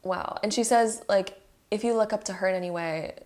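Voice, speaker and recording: A woman's voice: medium pitch, a little fast, darkish tone. Earnest chatty woman tarot reader. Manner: earnest, emotional and chatty, with many "like" fillers. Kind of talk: intuitive pick-a-card reading to camera.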